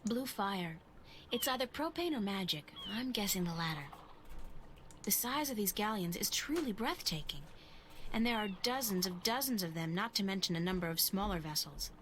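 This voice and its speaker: A woman's voice: mid-range voice, animated, normal speed, fairly bright tone, a little hiss or hum, lightly acted. An actress voicing a wry, curious young woman adventurer in a video game, making offhand remarks. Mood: musing.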